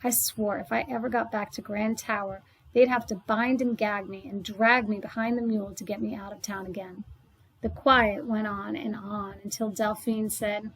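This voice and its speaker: A woman's voice: mid-range voice, flat delivery, moderate pace, breathy edge, dry recording, rough recording. A woman reading a children's novel aloud, narrating steadily in the first person with a small slip now and then. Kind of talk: read-aloud book narration.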